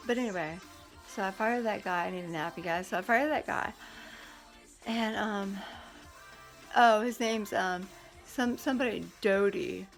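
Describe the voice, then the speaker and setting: A woman's voice: mid-range voice, measured pace, vocal fry, long pauses, faint music behind. A woman telling a long story in a casual vlog, rambling and profane, often acting out what others said. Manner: rambling, heated, profane, quotes others in dialogue. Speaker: parent recounting a custody court hearing.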